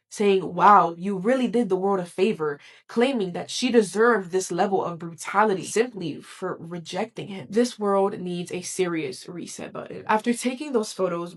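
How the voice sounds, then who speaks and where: A woman narrating a true crime story in a slow, dramatic, measured way, her volume swelling and dropping. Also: lowish voice.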